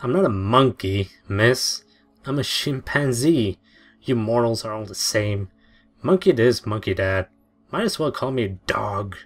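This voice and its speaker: A man's voice: medium pitch, animated, normal speed, faint music behind, lightly acted. A man voicing a grumpy, proud male chimpanzee with a British accent, growling and disdainful. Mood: indignant.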